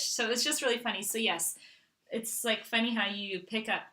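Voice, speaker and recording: A woman's voice: on the high side, steady tone, a little fast, pushed and bright. A middle-aged woman from Canada hosting a casual live Q&A, chatting and reading out viewer questions. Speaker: host.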